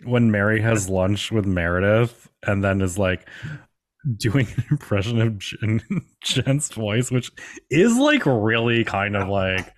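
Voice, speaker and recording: Male podcast host, lower voice, loose rambly delivery, laughs and curses a lot. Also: expressive, takes it slowly. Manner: rambling, laughing, swears often, many "like" fillers. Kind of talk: casual chat.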